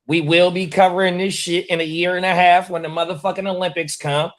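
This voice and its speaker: A man's voice: sits high, flat delivery, brisk. A man hosting a sports watch party in casual, profane, hyped-up chat. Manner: hyped, slangy, swears a lot.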